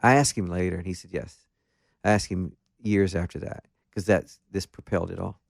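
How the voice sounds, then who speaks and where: Guest, male, deep voice, dry close sound, animated self-deprecating storyteller in a casual interview. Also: brisk, creaky, no room sound. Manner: animated, self-deprecating anecdotes with many restarts. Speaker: guest musician.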